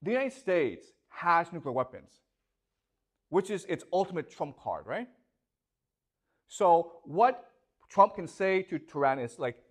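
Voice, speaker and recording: Guy lecturing students, lots of rhetorical questions, keeps going "okay? you understand?", pitch jumping all over. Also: very animated, unhurried, long pauses. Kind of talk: classroom lecture.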